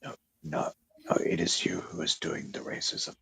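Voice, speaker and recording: A man's voice: low-pitched, big pitch swings, moderate pace, gravelly, bright, forceful tone, slightly rough. A man co-hosting a podcast in teasing, joking casual chat. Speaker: podcast co-host.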